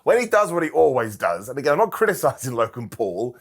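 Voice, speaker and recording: A man giving a casual, comedic recap of a wrestling show, joking and mimicking people in quick silly voices. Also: mid-range voice, sing-song.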